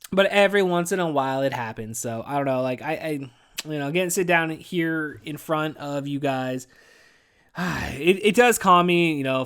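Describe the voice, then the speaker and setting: Man, 30s, podcast host; tired, rambling, profane delivery in a slightly high register. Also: a bit bright, clean tone. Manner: profane, rambling, says "dude" constantly; weary, venting. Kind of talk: casual rambling monologue.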